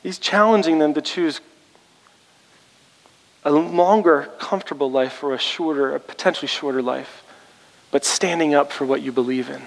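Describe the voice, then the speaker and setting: This pastor speaks at a normal speed with vocal fry and long pauses, recorded poorly in a large hall. When he challenges his congregation, the sermon turns rallying and emphatic, climbing in pitch and force.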